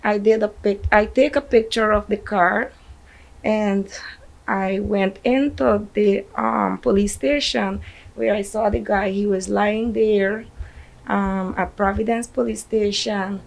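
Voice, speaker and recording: A grieving mother with a Guyanese accent, telling a news reporter what happened in a halting, distraught voice. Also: mid-range voice, fairly even intonation, creaky, poor audio. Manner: distraught, halting retelling with shaky drops in volume. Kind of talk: emotional news interview.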